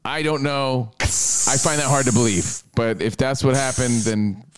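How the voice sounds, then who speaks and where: A man co-hosting a casual talk radio show, excitable and loud when recounting stories. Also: mid-range voice, a little slow, clear, resonant tone. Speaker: co-host.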